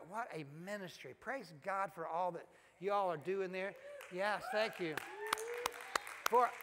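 A Southern pastor delivers a folksy, exhorting sermon in a high, bright voice, full of fillers and restarts. His words ring out with a long reverb from the church hall around him. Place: church sanctuary.

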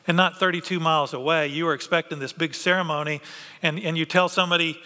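Pastor, male, bright and high-voiced, animated sermon delivery in a reverberant sanctuary. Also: quick pace. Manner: animated, acts out biblical characters' voices. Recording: long hall reverb.

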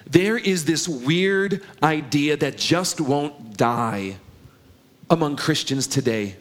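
A middle-aged man delivers a sermon in an earnest, conversational way. His voice sits a little higher than most men's. He keeps turning to the congregation with rhetorical questions. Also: animated, takes it slowly. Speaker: pastor.

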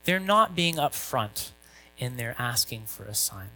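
A man's voice: mid-range voice, lively intonation, measured pace, bright, forceful tone, soft background music, low-quality recording. A male pastor giving a conversational sermon, asking rhetorical questions and reading scripture.

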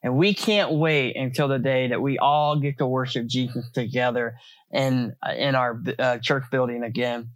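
A man's voice: mid-range voice, steady tone, moderate pace, dry recording. A man preaching a sermon as pastor, in a conversational way with many rhetorical questions and repeated words.

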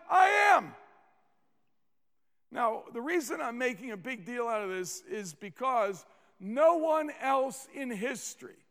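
Pastor guy preaching, kinda high voice, long echoey church reverb. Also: fairly bright tone. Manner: deliberate, emphatic preaching with slow, stressed phrases. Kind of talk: sermon. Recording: long reverb of a large hall.

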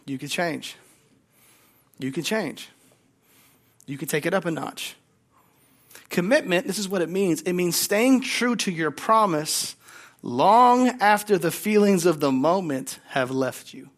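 High-voiced emphatic preacher man. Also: expressive, a little slow, pauses often. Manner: emphatic, repeats key lines, has congregation repeat after him. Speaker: guest pastor. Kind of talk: sermon.

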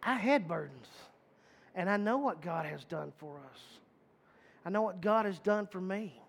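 Man preaching, high voice, folksy, emphatic, repeats himself, casual sermon. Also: lively intonation, normal speed, creaky. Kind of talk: conversational sermon.

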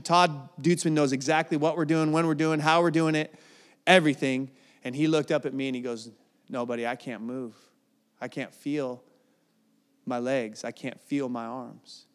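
A man in his forties shares a personal testimony at a church service, speaking earnestly and often restarting his sentences. His voice sits a little higher than usual for a man. The sound carries a long reverb from a large hall. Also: clear, resonant tone. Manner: earnest storytelling with emotional restarts.

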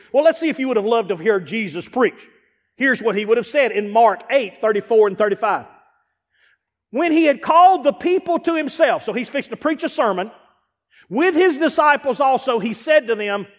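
A man preaching a sermon as pastor, emphatic and repetitive, rising into shouts to drive points home. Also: very high voice, animated, moderate pace. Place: church sanctuary. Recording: long reverb of a large church hall.

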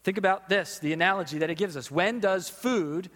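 A man's voice: sits high, fairly bright tone. Male pastor, emphatic sermon delivery, reverberant sanctuary sound. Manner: earnest, emphatic preaching with slowed stresses and repeated questions.

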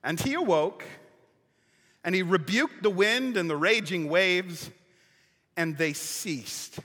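A male pastor preaches with a high, bright, forceful voice and animated storytelling. His words ring out with long reverb, as in a large church sanctuary. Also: slow pace, pauses often. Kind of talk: sermon.

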